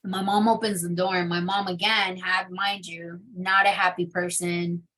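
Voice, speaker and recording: A woman's voice: lowish voice, flat delivery, moderate pace, fairly bright tone, low-quality recording. A young adult woman telling her personal testimony in an interview, candid and full of fillers. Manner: candid storytelling with many fillers. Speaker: interview guest.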